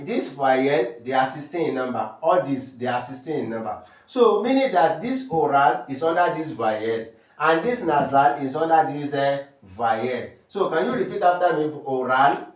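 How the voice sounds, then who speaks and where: A man with a Nigerian accent teaches French pronunciation at a slow, deliberate pace. He drills each term and answers his own questions. His voice sits a little high and sounds echoey, as if he stands away from the mic. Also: recorded from a distance. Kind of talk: step-by-step language lesson.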